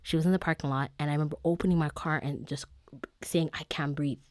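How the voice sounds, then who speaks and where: A woman guest sharing a painful personal story in an earnest, halting way, close to tears. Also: low voice, steady tone, a little mellow, dry recording. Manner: earnest, halting, emotional retelling. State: tearful.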